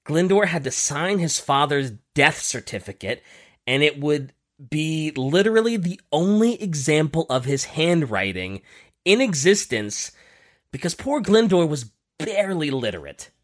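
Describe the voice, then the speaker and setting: A man hosting a casual podcast, telling a history story with lively emphasis and frequent fillers. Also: fairly high pitch, measured pace. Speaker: podcast host.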